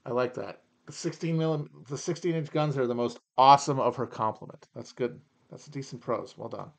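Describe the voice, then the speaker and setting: A man's voice: mid-range voice, a little fast, creaky. A man hosting a podcast, riffing in a sarcastic, profane, rambling way while he reads aloud and comments. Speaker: podcast host. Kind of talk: casual comedic commentary.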